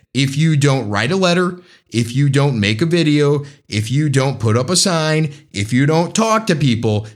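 American male podcast host, animated delivery, fired-up and urging. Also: a little high. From United States. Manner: impassioned, urging listeners to act. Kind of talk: political commentary podcast.

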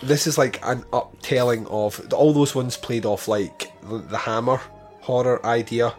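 A man co-hosting a casual chat about old horror films, animated and laughing as he talks. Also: mid-range voice, a little slow, soft background music. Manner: animated, laughing film talk. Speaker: podcast co-host.

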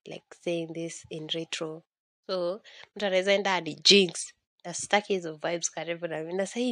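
A woman's voice: on the low side, dry recording, studio quality. A woman with a Kenyan accent, hosting a candid solo podcast, rambling emotionally and mixing Swahili slang into English. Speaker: podcast host.

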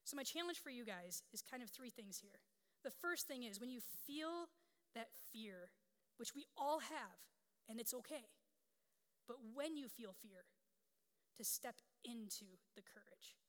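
A woman's voice: fairly high pitch, animated, measured pace. A woman pastor in her thirties preaching a sermon in a candid, conversational storytelling way. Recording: long hall reverb.

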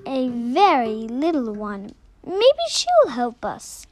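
A cheerful little toy clown, as a woman puts him on, bright and eager to help. High storybook voice calling out to the others. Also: wildly swooping pitch, takes it slowly, music in the background, full character voice. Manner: eager, encouraging.

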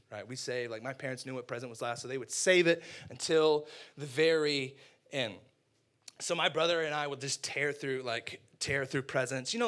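A man in his twenties preaching a sermon, telling a funny personal story with animated, exaggerated outbursts. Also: a little high. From United States. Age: 20s.

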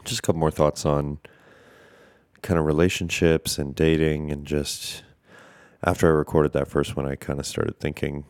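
A man's voice: very deep voice, flat delivery, moderate pace, a little mellow, clear, resonant tone, no echo, studio quality. A man hosting a casual podcast, rambling and hesitant with many fillers, congested and tired, breathing through his mouth. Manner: rambling, hesitant, lots of fillers, self-deprecating. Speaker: podcast host.

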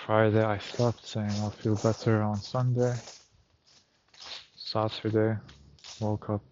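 A man's voice: lowish voice, flat delivery, takes it slowly, a little mellow, dull audio, a little hiss or hum. A man talking to himself on a night walk outdoors, recounting a story in a reflective, casual monologue. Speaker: vlogger.

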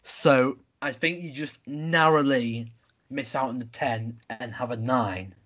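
A man's voice: medium pitch, takes it slowly, fairly bright tone. A young man hosting a casual podcast chat, running a quiz game in an upbeat, announcing way. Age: young adult. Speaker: podcast host.

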